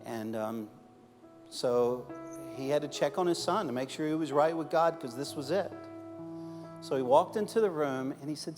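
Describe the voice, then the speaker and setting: A man preaching a sermon as a pastor, swinging from loud, emphatic peaks down to soft, close storytelling. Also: a little high, lively intonation, moderate pace. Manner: impassioned, rising to loud emphatic peaks then dropping soft. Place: church auditorium. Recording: large hall reverb with faint music behind.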